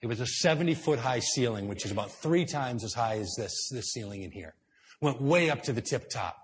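Guy preaching a sermon in a church, mid-pitched voice, goes quiet and slow then punches it up loud, real storyteller vibe. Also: animated. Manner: dramatic storytelling, swinging between hushed and loud. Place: indoor church hall with high ceiling.

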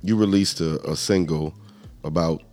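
A man hosting a casual talk show, teasing his guests and laughing often, with drawn-out emphatic phrases. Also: low voice, a little mellow, faint music behind. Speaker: podcast host. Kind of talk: casual chat.

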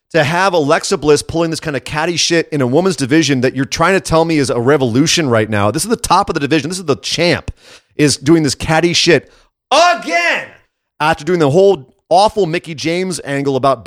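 A man co-hosting a casual podcast who rants with sarcasm and animated frustration. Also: fairly high pitch, dry recording, clean studio sound. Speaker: podcast co-host. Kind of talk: casual wrestling commentary chat.

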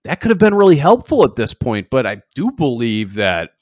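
A man's voice: mid-range voice, big pitch swings, moderate pace, no echo, clean studio sound. A young man co-hosting a podcast, recapping an episode in a rambling, hedging, wry way. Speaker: podcast co-host.

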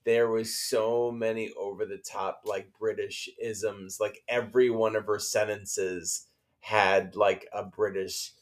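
A man co-hosting a podcast, joking in a drawn-out way. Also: on the low side, level tone. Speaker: podcast co-host. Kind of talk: casual chat.

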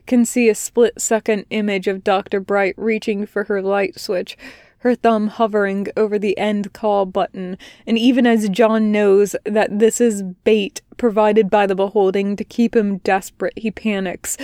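A woman reading fan fiction aloud as a podfic, in a quiet, measured narration. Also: medium pitch, level tone, dry recording, clean studio sound. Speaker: podfic reader.

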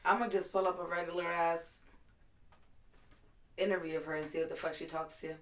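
A woman with a fairly low voice chats bluntly as a podcast co-host, dropping casual swears and asking question after question. Her voice carries an echoey room sound. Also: steady tone, fairly quick. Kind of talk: casual chat.

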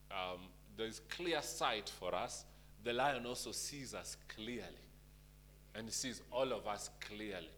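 Rousing preacher with a bright, forceful voice. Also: male voice, medium pitch, slight background noise. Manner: rousing, rhetorical questions to the congregation. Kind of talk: sermon.

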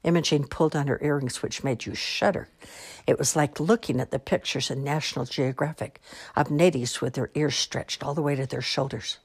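A woman reading a children's novel aloud with expressive, wry storytelling. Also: very deep voice, normal speed, breathy edge.

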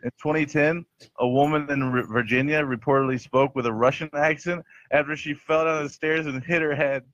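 A man hosting a jokey podcast chat, delivering bits with a deadpan tone. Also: on the high side, a little fast, no echo. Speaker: host. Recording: dry, dull lo-fi sound.

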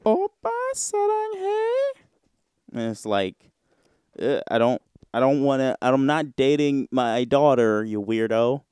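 A man's voice: mid-range voice, measured pace, a little mellow, clean tone, no echo, studio quality. A young man hosting a podcast solo, chatting casually in a rambling, slangy, profane way. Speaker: podcast host.

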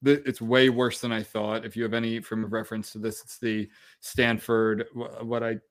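A man in his thirties, co-hosting a podcast, telling a profane, animated story in casual chat. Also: lowish voice, normal speed. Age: 30s. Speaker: podcast co-host.

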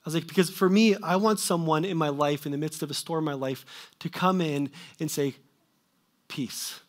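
A man preaching a sermon, swinging between loud emphatic questions and quiet trailing asides. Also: a little high, brisk.

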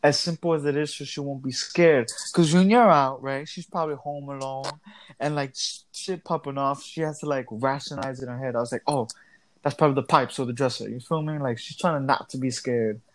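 A young man in casual chat, reacting to a story with quick exclamations. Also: mid-range voice, steady tone.

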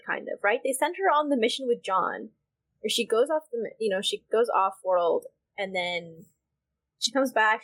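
Woman co-host, mid-pitched, heated and emphatic, casual and profane. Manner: heated, emphatic, swears freely. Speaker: podcast co-host. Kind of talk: casual chat.

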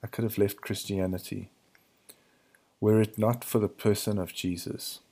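Male podcast host, low gravelly early-morning voice, reflective searching monologue. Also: fairly even intonation, moderate pace, warm tone. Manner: searching, hesitant, restarts to find words.

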